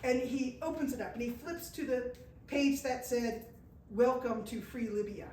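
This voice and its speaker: A woman from the United States telling a lively pilgrimage story to a small audience, slipping into the voices of the people she met. Her voice sits fairly high and sounds distant, caught in an echoey room with a light hiss behind it. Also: normal speed. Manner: animated storyteller, acts out quoted voices, laughs at herself. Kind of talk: live storytelling talk. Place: indoor event room with an audience. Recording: echoey room from far off, faint noise.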